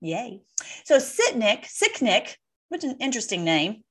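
A woman hosting her own online video, talking casually to viewers in a rambling, excitable way and laughing often. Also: fairly high pitch, measured pace, husky. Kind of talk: casual monologue to camera.

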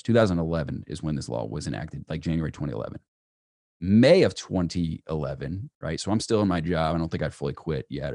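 A young man telling a personal story as a podcast guest, animated and full of "right?" asides. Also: low-pitched, no echo, studio quality. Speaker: entrepreneur guest.

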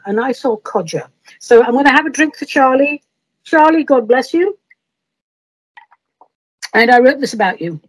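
A woman's voice: on the high side, husky, no echo, low-quality recording. A woman hosting her own podcast, talking in a whimsical, self-mocking way and reading silly rhyming verse. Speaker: podcast host. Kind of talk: playful podcast monologue and comic verse reading.

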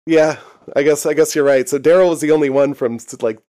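Fairly high in pitch yet dark in tone, this young man's voice stays steady and moves fairly quickly. He's a podcast co-host giving a casual TV episode recap, laughing often and swearing without restraint.

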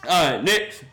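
Laughing, high lively male football host. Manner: laughs often, teasing and mocking. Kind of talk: casual trash-talk sports commentary.

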